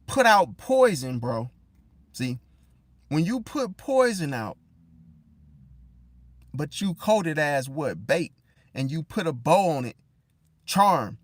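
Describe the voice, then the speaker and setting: A man giving casual relationship advice straight to the listener, slangy, calling them bro and swinging between loud and hushed. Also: fairly high pitch, no echo. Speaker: zodiac relationship commentator. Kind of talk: casual direct-to-camera advice rant.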